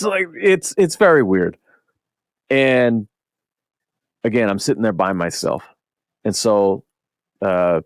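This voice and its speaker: A middle-aged man, a podcast host, telling a long convention story in casual chat, animated and swearing often. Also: medium pitch, clear, resonant tone, no room sound, studio quality.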